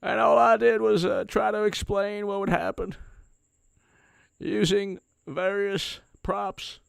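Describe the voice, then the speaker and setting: Brief: man impersonating an older male ex-president, folksy and breathy, pitched up and dry. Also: level tone, takes it slowly, dry recording, full character voice. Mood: hammy.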